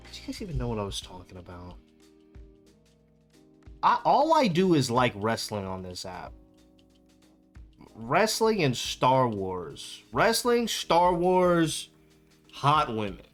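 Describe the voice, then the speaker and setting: A man's voice: medium pitch, wildly swooping pitch, takes it slowly, long pauses, a bit bright, faint music behind. A young man chatting casually on his stream, rambling, amused and laughing often.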